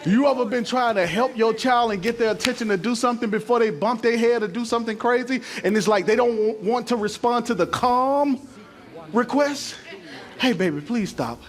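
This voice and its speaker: A middle-aged male pastor preaching a sermon to a church congregation, using call-and-response and building up to shouting. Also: very high-pitched. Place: church sanctuary.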